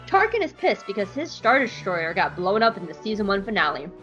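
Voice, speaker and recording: A woman's voice: medium pitch, very animated, brisk, a bit bright, lo-fi sound, soft background music. A woman hosting a podcast who recaps an episode in a playful, giggly, casual way. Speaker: podcast host.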